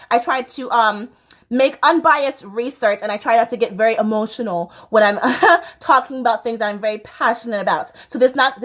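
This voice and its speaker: Bubbly high-voiced American woman vlogger. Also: fairly bright tone. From United States. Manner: bubbly, chatty, laughs often, with fillers. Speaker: YouTube host. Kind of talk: casual vlog talk.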